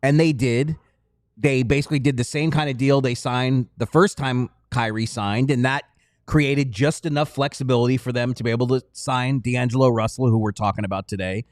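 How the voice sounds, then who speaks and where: A man co-hosts a casual sports podcast in a measured, detailed way. His voice sits at a middle pitch. The studio mic sounds dry and close. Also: steady tone, dry recording. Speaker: podcast co-host.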